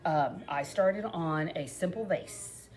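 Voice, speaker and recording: A woman's voice: low-pitched, slow, darkish tone. A middle-aged woman chatting through a crafting tutorial, bubbly and rambling, laughing often between asides. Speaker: crafting vlogger.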